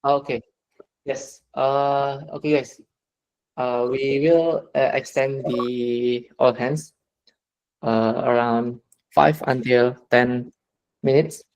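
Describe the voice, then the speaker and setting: A man moderating an online work meeting, talking slowly with many hesitant fillers over a video call. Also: mid-range voice, fairly even intonation, lo-fi sound.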